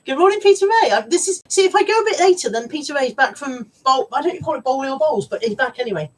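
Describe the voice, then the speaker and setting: A woman with a high, expressive voice talks quickly as she hosts a live stream, chatting casually, teasing her viewers and laughing a lot. She's picked up by a camera mic on the stream and sits slightly distant from it.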